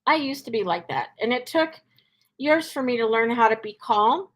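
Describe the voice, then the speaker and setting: A woman's voice: on the high side, expressive, moderate pace, fairly bright tone. A woman dog trainer answering questions in a live Q&A, chatty, with many fillers, acting out cheerful cues. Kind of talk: live Q&A advice.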